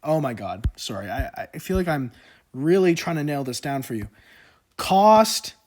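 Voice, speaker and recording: Slow, chatty man explaining math. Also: a little high, lively intonation, a little hiss or hum. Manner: chatty, joking asides, filler-heavy. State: hiccups. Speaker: economics tutor. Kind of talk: casual whiteboard lesson.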